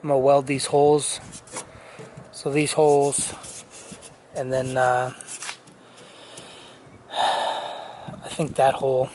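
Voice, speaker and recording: Slow, rambling man clearing his dry throat. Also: mid-range voice, level tone, a little mellow, slight background noise. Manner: rambling, many fillers and restarts. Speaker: truck restoration vlogger. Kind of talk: casual work-in-progress walkthrough.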